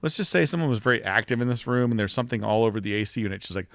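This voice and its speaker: Male podcast co-host, quick animated storyteller, dry close mic. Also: medium pitch, creaky, no room sound. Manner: animated storyteller, laughs through his tales. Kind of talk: casual chat.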